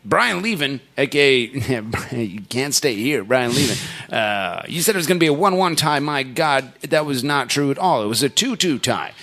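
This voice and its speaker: A man's voice: mid-range voice, animated, moderate pace, few pauses, a bit bright. Podcast host, male, sarcastic mock-grave announcer, loose and profane. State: been drinking beer. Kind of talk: casual banter, reading out standings.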